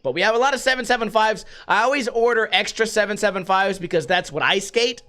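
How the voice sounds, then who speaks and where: A man with a fairly high voice hosts a laid-back solo podcast from his home. He rambles from one thing to the next and swears freely. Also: fast, sharp tone. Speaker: podcast host. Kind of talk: casual solo podcast chat.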